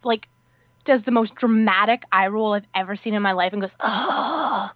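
A woman co-hosting a podcast, telling a story in a casual, animated way, filling her speech with "like" and acting out what people said. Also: mid-range voice, brisk, dry recording. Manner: animated, peppers speech with "like", acts out quotes. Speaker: podcast co-host. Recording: tinny phone-like dry sound.

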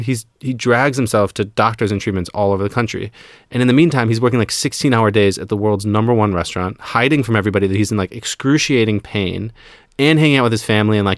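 Low-voiced rambling podcast co-host. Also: male voice, no room sound, clean studio sound. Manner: rambling, with many "like" fillers. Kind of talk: casual podcast chat.

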